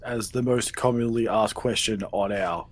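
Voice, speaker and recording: A man's voice: lowish voice, steady tone, normal speed, a little hiss or hum. An Australian man co-hosting a podcast, dropping short dry interjections. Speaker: podcast co-host. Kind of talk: casual chat.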